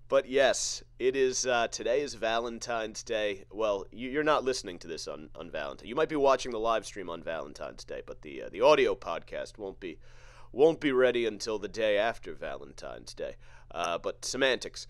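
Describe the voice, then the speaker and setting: A man's voice: on the low side, animated, dry recording. Profane sarcastic man ranting. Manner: profane, sarcastic, halting restarts. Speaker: podcast host. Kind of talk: comedic rant.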